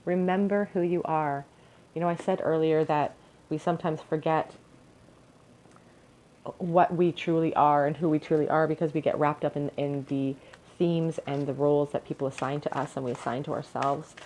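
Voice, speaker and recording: Low-voiced woman reading tarot. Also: steady tone, moderate pace, a little mellow, low-quality recording. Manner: encouraging, earnest, with fillers. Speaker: tarot reader. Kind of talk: pick-a-card tarot reading.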